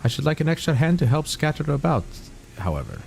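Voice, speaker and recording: A man's voice: fairly high pitch, very animated, fast talker, gravelly, a little mellow, a little hiss or hum, pitched above the performer's own voice, low-quality recording. A man voicing a male wildlife expert from a video game, reading the lines aloud with a slight put-on accent. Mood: matter-of-fact.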